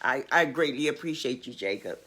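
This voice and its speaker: An older woman hosting a casual livestream, making emphatic, drawn-out announcements and urging viewers to come along. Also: very deep voice, expressive, fairly bright tone, slightly rough. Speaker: livestream host.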